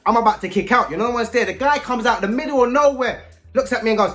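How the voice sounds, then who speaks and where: A man telling a story to camera in animated, slang-heavy casual chat. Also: very high-pitched, fast talker, soft background music. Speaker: vlogger.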